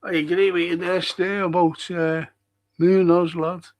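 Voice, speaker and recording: A man's voice: sits high, level tone, a little slow, muffled recording. An older man hosting a live podcast, reacting bluntly to a football match, swearing and urging the players on while reading out chat messages.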